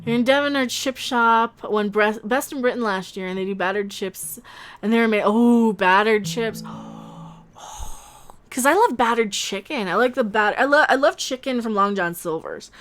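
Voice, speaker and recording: A woman's voice: a little high, unhurried. Chatty woman rambling on a livestream. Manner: chatty, rambling, excitable with gasps and laughs. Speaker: livestream host reading chat. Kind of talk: casual livestream chat.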